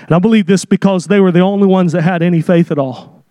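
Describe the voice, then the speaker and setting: A man preaching a sermon with dramatic delivery, acting out the people in his story and rising to shouts at his key points. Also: high voice, steady tone, quick pace, dry recording, clean studio sound.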